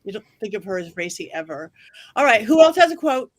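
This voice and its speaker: A woman hosting a casual chat, playful and quick to laugh. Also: medium pitch, sing-song. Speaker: host.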